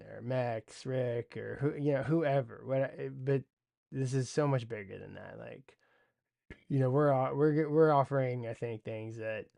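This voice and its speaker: A man's voice: medium pitch, gravelly, warm tone, no room sound, studio quality. A man hosting a casual livestream market recap, rambling in loose slang with frequent swearing and restarts. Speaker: stock trading show host.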